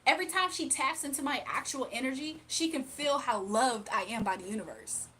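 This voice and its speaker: A woman's voice: high-pitched, animated, brisk, sharp tone, slight background noise. A woman, giving a casual, emphatic spiritual reading on a livestream. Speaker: spiritual reader.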